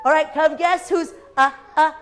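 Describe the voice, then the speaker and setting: A woman teacher reading aloud and leading games in a classroom, lively and expressive with playful gasps. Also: high voice, normal speed, faint music behind, a faint crowd.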